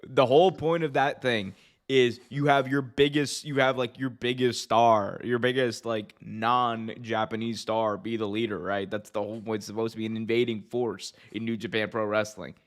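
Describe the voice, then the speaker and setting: A man's voice: lowish voice, steady tone, normal speed. A man co-hosting a wrestling podcast, joking around in casual chat. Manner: joking, does mocking put-on voices. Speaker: podcast co-host.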